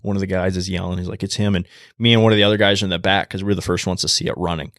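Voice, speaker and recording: A man guest on a podcast, telling a story in a casual, animated way and acting out the quotes in a hushed voice. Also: low-pitched, racing, no room sound, clean studio sound.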